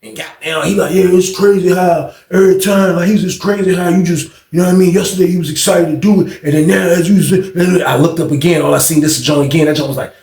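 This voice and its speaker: A man casually telling a long story, acting out other people's lines and rising to shouts at the tense parts. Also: high-pitched, fast talker, gravelly, few pauses, reverberant. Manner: animated retelling, acts out others' voices, rises to shouting.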